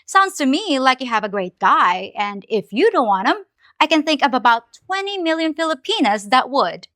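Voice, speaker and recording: A woman's voice: sits high, big pitch swings, moderate pace, pushed and bright, no room sound. A woman commentator responding with incredulous sarcasm.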